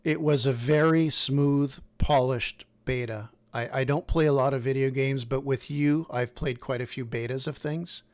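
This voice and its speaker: A middle-aged man co-hosting a casual podcast, relaxed and plain-spoken. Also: medium pitch, normal speed, few pauses. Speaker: podcast co-host.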